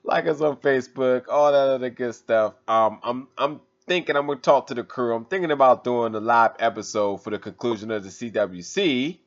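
A man's voice: mid-range voice, a little fast, hardly any pauses. A man hosting a podcast, rambling casually through plans and plugs. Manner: relaxed, rambling with fillers. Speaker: podcast host. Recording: dull lo-fi audio.

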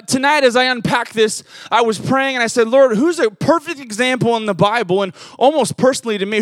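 High-voiced young man preaching with a story. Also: no room sound. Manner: animated storytelling, many fillers, rises when excited. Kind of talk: sermon with personal story.

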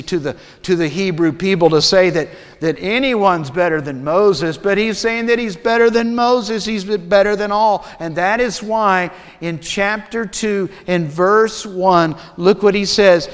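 A man preaching a sermon as a pastor, deliberate and measured, sometimes dropping to a hush. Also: high voice, clean tone. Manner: slow, deliberate preaching with dramatic drops to a hush. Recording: long reverb of a large hall.

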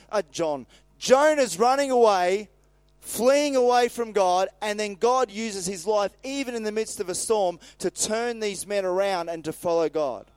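A man preaching in a casual, lively way, retelling a Bible story with laughs, asides and acted-out lines. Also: high voice, clean tone, dry recording. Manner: animated, acts out voices with laughs and asides.

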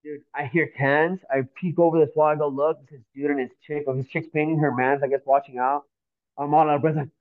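A man from Miami, a podcast guest, telling a story in an animated, profane, slang-filled way. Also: a little high, fast talker. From Miami, Florida. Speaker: podcast guest, graffiti artist. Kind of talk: casual storytelling. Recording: tinny phone-like audio.

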